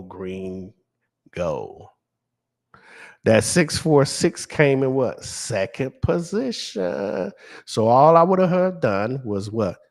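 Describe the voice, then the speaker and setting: A man hosting a live stream and walking viewers through a screen, emphatic and asking himself questions he then answers. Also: medium pitch. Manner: emphatic, asks and answers his own questions. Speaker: lottery stream host.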